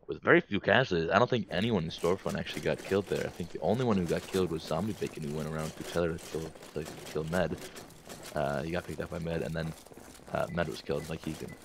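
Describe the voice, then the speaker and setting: Male color caster, very low voice, calm breakdowns, light background noise. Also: quick pace, vocal fry. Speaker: esports color commentator. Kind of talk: esports color commentary.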